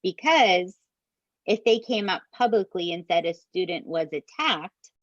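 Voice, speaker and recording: A woman, co-hosting a podcast and retelling a true crime story in an animated, casual way that includes swearing. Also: fairly low pitch, a little slow, no echo, muffled recording. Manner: animated, swears, addresses listeners as "you guys". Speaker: podcast co-host.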